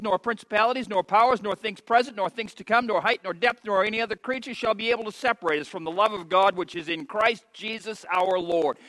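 A man in his fifties preaching an impassioned sermon in a church, swinging between soft, slow stretches and loud, emphatic repetitions. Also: high-pitched, no room sound, low-quality recording. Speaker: pastor.

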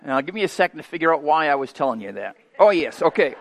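A man in his fifties preaching a sermon as pastor, folksy and homespun, moving from quiet asides to loud, emphatic preaching. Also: on the high side, sing-song, brisk, vocal fry. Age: 50s. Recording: long hall reverb.

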